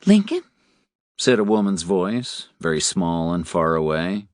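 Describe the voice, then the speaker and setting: A man narrating a novel in a measured, expressive way. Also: low-pitched, no echo, studio quality. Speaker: audiobook narrator. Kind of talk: scripted narration.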